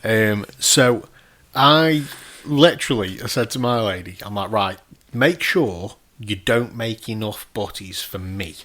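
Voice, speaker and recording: A man's voice: fairly low pitch, measured pace, sharp tone. A man, telling rambling, sweary anecdotes on a casual podcast. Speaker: podcast co-host. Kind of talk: casual chat.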